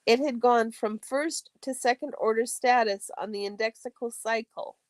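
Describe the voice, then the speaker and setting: A woman hosting a study stream, reading a textbook aloud in a steady, careful way and now and then correcting a slipped word. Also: a little high, normal speed, no echo.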